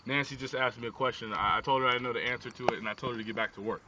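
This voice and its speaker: A man voicing a cool, sulky teenage boy who mumbles in a low, dismissive voice, on a distant lo-fi phone video. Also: fairly even intonation, very fast, noisy background, natural voice.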